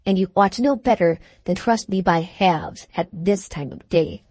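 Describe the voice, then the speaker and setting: A woman's voice: on the low side, normal speed, darkish tone, no room sound, close to an everyday voice. A sardonic nurse answers with blunt, dry remarks and keeps pressing with questions. A woman voices her in an audiobook; the recording is dry and close.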